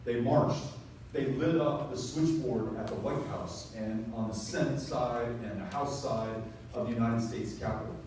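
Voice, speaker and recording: A man's voice: mid-range voice, unhurried, darkish tone, a little hiss or hum. A man from Texas giving an impassioned speech at a town hall, building to emphatic, rising passages. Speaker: political speaker at a town hall. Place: town hall event, roomy space. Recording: echoey room, mic from a distance.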